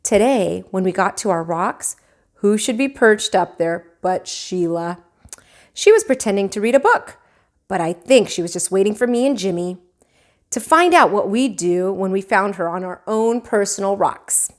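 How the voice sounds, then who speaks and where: A woman teacher reading a children's book aloud, with expressive, animated storytelling. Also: mid-range voice, moderate pace.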